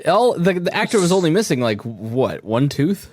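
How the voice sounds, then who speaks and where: A man's voice: on the high side, very animated, normal speed, a little mellow. A man co-hosting a podcast, putting in wry, teasing quips. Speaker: podcast co-host. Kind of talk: casual chat.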